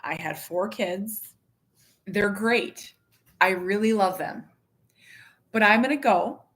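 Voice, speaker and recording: Bright-voiced chatty mom in her thirties. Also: mid-range voice, slow pace. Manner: frank, chatty and self-mocking, with laughs and fillers. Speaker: mother and vlogger. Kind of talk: casual candid chat to camera.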